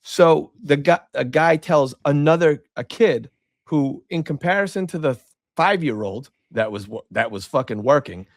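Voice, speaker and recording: A man's voice: fairly high pitch, moderate pace, dry recording, clean studio sound. A middle-aged man, co-hosting a podcast, telling stories casually and acting out what people said, swearing freely. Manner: animated storyteller, acts out quotes, swears freely. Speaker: podcast co-host. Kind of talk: casual chat, storytelling.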